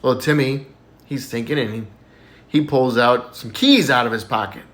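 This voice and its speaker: A man's voice: mid-range voice, moderate pace, a bit bright. A man telling dirty jokes in a casual, folksy storytelling way. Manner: folksy storyteller, plays each character with a raised voice. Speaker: joke teller.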